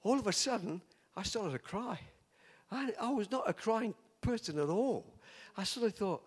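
A man's voice: high voice, lively intonation, moderate pace, husky. An older man from England, preaching a chatty sermon full of stories, laughing often and teasing his listeners.

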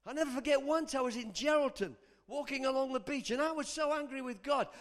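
A man's voice: extremely high pitch, quick pace, hardly any pauses. A man preaching a sermon, leading call-and-response and telling personal stories. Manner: impassioned, call-and-response, storytelling. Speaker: pastor.

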